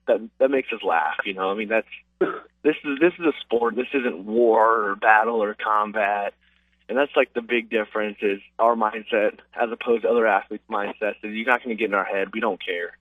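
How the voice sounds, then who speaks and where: In a lowish, dry-sounding voice, a male MMA fighter tells stories over the phone for an interview, casual and rambling with many fillers. The line sounds distant and tinny.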